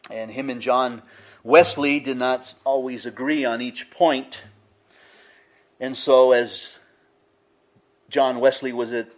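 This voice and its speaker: A man's voice: medium pitch, steady tone, slow, pauses often. A man preaching a sermon in an earnest, conversational way, building emphasis on key phrases. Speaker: pastor.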